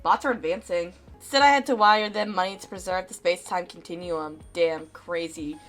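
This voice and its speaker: A woman's voice: lowish voice, normal speed. Crude, joking woman streamer. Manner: casual, crude joking, laughs often. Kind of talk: let's play commentary. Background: faint game music.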